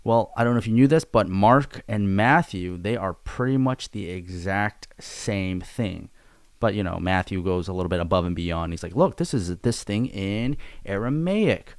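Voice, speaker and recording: Casual male Bible teacher, slightly low voice, dry close recording, easygoing and chatty. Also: normal speed, smooth, no room sound. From Korea. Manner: laid-back, chatty, conversational teaching. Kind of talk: casual Bible study video.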